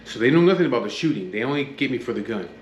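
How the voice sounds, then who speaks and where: A man's voice: medium pitch, animated, racing, highs cut off. A man from the Los Angeles area, casually telling his own story in a blunt, profane, matter-of-fact way, acting out what others said in his own voice. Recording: echoey room with faint background hum.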